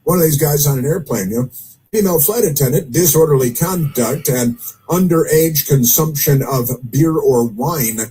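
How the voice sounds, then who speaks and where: A man's voice: fairly high pitch, moderate pace, dark tone, a little hiss or hum, low-quality recording. A man hosting casual political commentary, rambling with many fillers and dry sarcastic asides. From United States.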